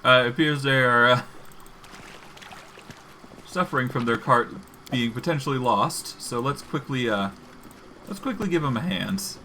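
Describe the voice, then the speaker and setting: A man's voice: mid-range voice, expressive, measured pace, pauses often, sharp tone, slight background noise. A man streaming a narrative game, chatting casually and laughing often as he reads and comments.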